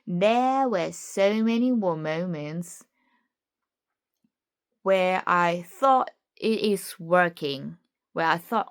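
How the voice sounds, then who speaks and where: A woman's voice: on the low side, slow pace, clean tone. A German woman with a slight German accent in her English, talking candidly and searchingly in a personal vlog with frequent restarts. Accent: German-tinged English. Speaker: content creator.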